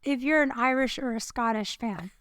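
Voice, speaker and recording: This is a middle-aged woman co-hosting a casual podcast. Her voice sits high, and she jokes at her own expense as she chats. The sound is dry and close, with no room echo. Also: normal speed, a bit bright, clean tone. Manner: chatty, playful, self-mocking. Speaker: podcast co-host. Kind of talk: casual chat.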